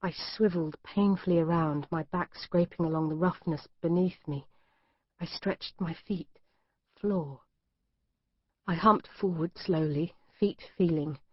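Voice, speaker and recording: A woman reads a thriller in the first person, taut and measured. Her voice sits low. The studio sound is dry and a little dull. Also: fairly even intonation, no room sound. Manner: tense first-person reading. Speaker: audiobook narrator. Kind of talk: scripted narration.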